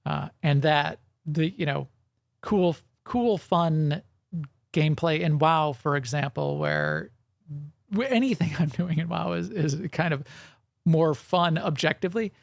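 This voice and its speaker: A man's voice: on the high side, sing-song, a little slow, creaky, no room sound, clean studio sound. A man co-hosting a gaming podcast in casual chat, rambling and correcting himself, with frequent chuckles. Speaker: podcast co-host.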